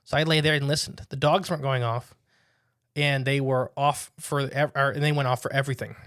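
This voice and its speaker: A man's voice: medium pitch, fairly quick, dry recording, studio quality. A young man hosting a casual podcast, telling stories with animation and reading listener accounts aloud. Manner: animated storyteller, laughs while telling. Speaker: podcast host.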